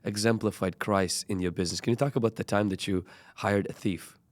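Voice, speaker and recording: Guy interviewing on a podcast, lowish voice, short attentive questions. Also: fairly even intonation, fairly quick, over music. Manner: brief, attentive prompting.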